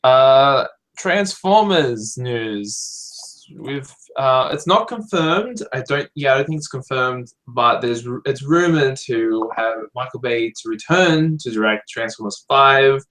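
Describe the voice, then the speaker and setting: Man, casual film podcast chat, eager, thinking aloud, mid-pitched. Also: expressive, slow, fairly bright tone, low-quality recording.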